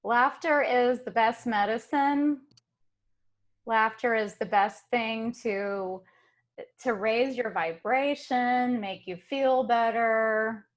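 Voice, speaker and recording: A woman's voice: on the high side, fairly even intonation, slow pace. A woman hosting an online card reading group, talking casually and laughing often. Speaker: host and card reader.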